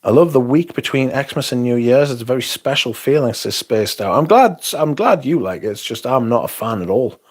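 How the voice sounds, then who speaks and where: A man's voice: mid-range voice, lively intonation, normal speed, few pauses, breathy edge. A young man hosting a livestream, chatting casually, rambling and swearing as he reads comments aloud. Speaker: livestream host.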